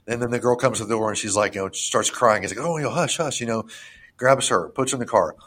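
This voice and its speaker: A man hosting a casual podcast about films, talking in an excitable, profane, rambling way full of restarts. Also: on the low side. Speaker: podcast host reviewing films. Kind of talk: casual chat.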